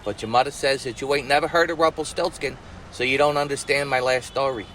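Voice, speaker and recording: A man's voice: mid-range voice, steady tone, quick pace, fairly bright tone, slight background noise, rough recording. A man telling a fairy tale to his nephew as a comic retelling, full of streetwise slang and wisecracks, speaking outdoors. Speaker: storytelling uncle.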